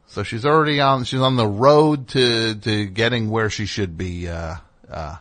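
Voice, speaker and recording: A man's voice: fairly low pitch, unhurried, a bit bright. A man hosting a comedic call-in radio show, ranting in a rambling, indignant way.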